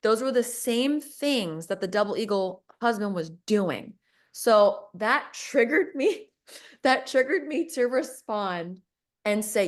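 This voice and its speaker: A woman's voice: a little high, lively intonation, slow. A woman telling a personal story in a casual podcast chat, reenacting conversations and laughing often.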